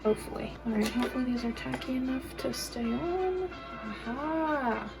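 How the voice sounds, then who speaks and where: A woman's voice: high voice, expressive, a little fast, vocal fry, over music, rough recording. A young woman hosting a casual stream, chatting in a playful, self-deprecating way. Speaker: singer and live-stream host.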